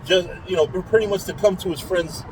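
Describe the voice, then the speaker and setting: A man's voice: high-pitched, brisk, a little mellow, a little hiss or hum, low-quality recording. A man speaking in a casual monologue as a religious community speaker, talking bluntly with frequent swearing and repeating words as he builds his point.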